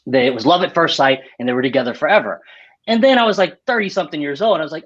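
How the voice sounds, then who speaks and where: A man's voice: a little high, lively intonation, rapid-fire, a bit bright. A man from Arkansas, a playwright on a video call panel, telling self-mocking stories full of swearing and acted-out voices. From Arkansas, United States. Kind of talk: casual storytelling on a video panel. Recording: dull lo-fi video call audio.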